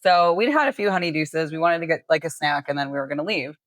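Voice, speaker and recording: A woman with a low-pitched voice tells a story as a podcast host in casual chat. She acts out the dialogue and swears freely. The recording is dry and close-miked. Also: quick pace, no echo.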